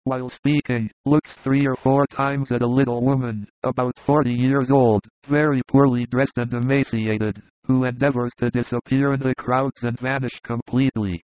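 Measured male audiobook narrator. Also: medium pitch, steady tone, no room sound. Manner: measured, descriptive. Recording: dull lo-fi recording.

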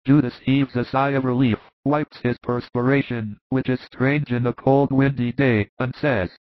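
Male narrator, scripted, even delivery, muffled lo-fi sound, dry. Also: medium pitch, normal speed, no echo. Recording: dull lo-fi dry recording.

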